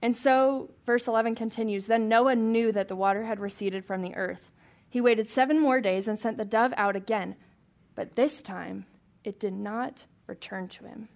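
A woman's voice: on the high side, steady tone, moderate pace, few pauses, a little mellow. A woman leading a Bible study for a small group, reading scripture aloud and chatting with questions to the room.

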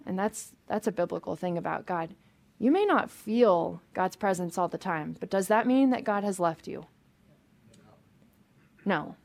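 A woman's voice: fairly low pitch, expressive, a little slow, vocal fry, long pauses, darkish tone. A woman pastor preaching a sermon in a conversational, emphatic way, with frequent restarts and asides.

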